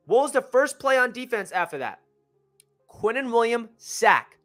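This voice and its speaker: A young man excitedly recapping a football game as a fan channel host, rambling and correcting himself as he goes. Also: very high voice, moderate pace, soft background music. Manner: energetic, rambling, self-correcting.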